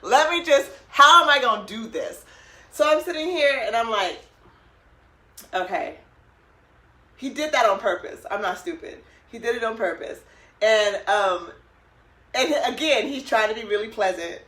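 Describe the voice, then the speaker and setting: A woman co-hosting a podcast, with a bright, slightly high voice in an echoey room. She tells a story to her listeners in a casual, animated way, acting out each person's lines and laughing often. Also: normal speed, pauses often. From Oregon, USA. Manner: animated, laughing, acts out both sides of the talk. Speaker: podcast co-host.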